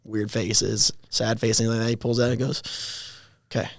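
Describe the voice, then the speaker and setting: A college athlete in his twenties, telling his story in a guest interview with many halting restarts and little chuckles. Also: on the low side, level tone, vocal fry, dry recording, studio quality. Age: 20s. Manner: halting, repeats words, chuckles while telling stories. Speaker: college football player, guest.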